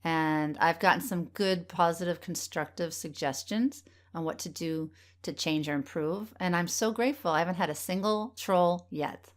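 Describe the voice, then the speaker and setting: A middle-aged woman hosting her own podcast, speaking in an earnest, encouraging and gently emotional way. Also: on the low side, moderate pace. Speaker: podcast host. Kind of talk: heartfelt solo podcast talk.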